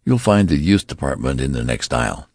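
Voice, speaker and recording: A man's voice: very deep voice, sing-song, fairly quick, darkish tone, husky, dry recording, studio quality, heavily acted. A man voicing a puzzled, curious male store clerk in a polite, questioning way, in a story reading.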